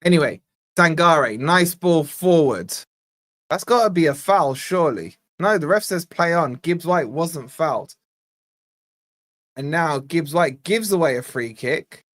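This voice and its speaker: A man's voice: a little high, animated, measured pace, a bit bright. A man born in Scotland hosting a live football watch-along, giving casual play-by-play and bantering with his chat. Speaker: fan channel host.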